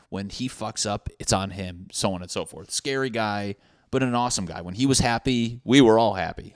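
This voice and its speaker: Young dude podcast host, lowish voice, swearing and ranting, dry close sound. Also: male voice, no echo. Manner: profane, ranting, mocking. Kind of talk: casual monologue.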